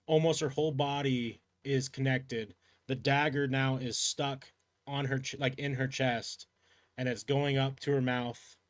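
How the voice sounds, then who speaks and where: A man's voice: mid-range voice, fairly bright tone. A man running a tabletop role-playing game as game master, narrating in a loose, rambling way full of fillers.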